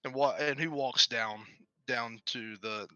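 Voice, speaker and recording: Male player, bright edgy tone, dry dull lo-fi sound, restless restarts. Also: mid-range voice, measured pace, dry recording. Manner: thinks aloud, restarts often. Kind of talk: in-character tabletop play.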